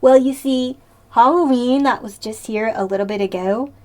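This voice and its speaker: A woman's voice: on the high side, moderate pace, darkish tone. A woman live-streaming in casual chat, playful and talkative, answering her chat and laughing often.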